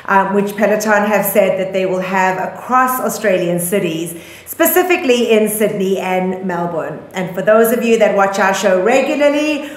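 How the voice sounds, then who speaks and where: A woman's voice: medium pitch, echoey room. A woman with a South African accent co-hosting a casual news podcast, chatty and full of ums, laughing easily. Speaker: podcast co-host.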